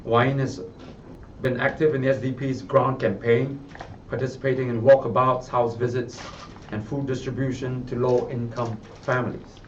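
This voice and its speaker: A man's voice: mid-range voice, flat delivery, normal speed, a little hiss or hum. A man with a Singaporean accent, speaking as party spokesman at a press conference in a party office, reading out a prepared biography and then adding loose remarks. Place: party office, room with reporters. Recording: muffled sound from a distant mic.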